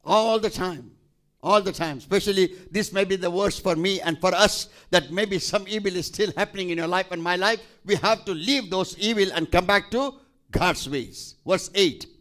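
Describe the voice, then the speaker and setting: A male pastor preaching a sermon, emphatic and repetitive, pausing for scripture readings. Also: sits high, a bit bright.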